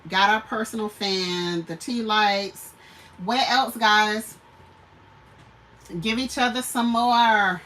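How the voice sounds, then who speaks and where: A woman's voice: medium pitch, fairly bright tone, far from the mic, slight background noise, rough recording. A woman hosting a homestead channel, chatting casually on a livestream, laughing often and greeting viewers.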